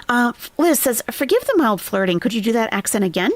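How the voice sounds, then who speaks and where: A woman's voice: a little high, big pitch swings, brisk, hardly any pauses. A woman live-streaming commentary, chatting and reading out viewer comments. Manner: chatty, muses aloud, reads viewer comments.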